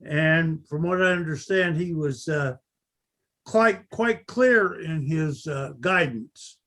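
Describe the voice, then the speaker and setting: A slow, deliberate older man with a fairly high voice, recounting a battle in unscripted talk. He halts often and leans on fillers as he pieces his account together. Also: a bit bright. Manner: halting, full of uh fillers. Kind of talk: unscripted recollection.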